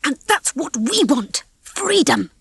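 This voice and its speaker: A woman's voice: high voice, sing-song, takes it slowly, dry recording, studio quality, voice pushed up, heavily acted. A woman voicing a determined, indignant hen leader who talks firmly and sharply. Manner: firm and sharp-tongued.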